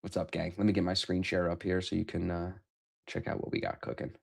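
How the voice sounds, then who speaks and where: A man's voice: deep voice, little pitch movement, a little fast, gravelly. A man hosting a live trading stream, talking casually, joking and swearing freely. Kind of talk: casual livestream chat.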